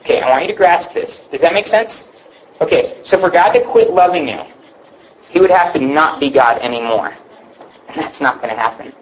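A man's voice: on the high side, lively intonation, normal speed, slight background noise, rough recording. A young man preaching to a youth group, telling a story earnestly and asking his listeners questions. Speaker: youth pastor. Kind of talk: youth sermon.

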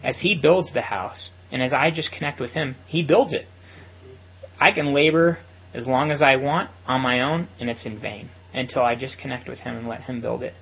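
A man's voice: medium pitch, moderate pace, creaky, husky, dull audio. A man giving an earnest, reflective sermon to ministry workers at a retreat.

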